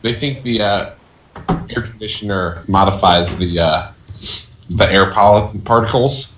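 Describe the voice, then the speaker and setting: A man player making deadpan jokes, recorded in a roomy, muffled setup. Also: on the low side, measured pace.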